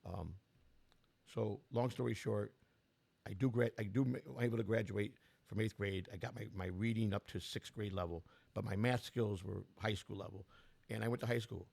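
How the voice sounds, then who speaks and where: A man's voice: lowish voice, fairly even intonation, normal speed, darkish tone. A man in his sixties with a strained voice, telling his life story in a blunt, rambling way with many restarts. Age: 60s. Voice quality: gravelly. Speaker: political candidate. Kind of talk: personal storytelling.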